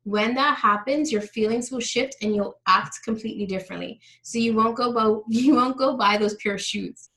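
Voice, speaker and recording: A woman's voice: fairly high pitch, normal speed, hardly any pauses, fairly bright tone, rough recording. Woman teaching a live online money class, friendly and explaining step by step, video call mic. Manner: friendly, explanatory, coaching the audience directly. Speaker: money mindset coach.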